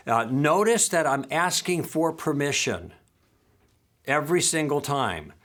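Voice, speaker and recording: A man's voice: on the high side, big pitch swings, measured pace, a bit bright. Friendly man teaching a lesson. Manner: friendly, patient, acts out sample lines.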